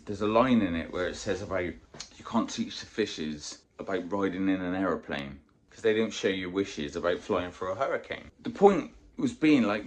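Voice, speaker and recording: A man in a casual motivational vlog, coaching on weight loss in a blunt, sweary, animated way. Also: lowish voice.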